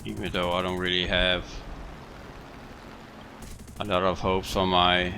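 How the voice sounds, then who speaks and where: A man giving relaxed, chatty commentary over his own gameplay, amused at what happens on screen. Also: deep voice, measured pace, slight background noise. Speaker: gaming video host.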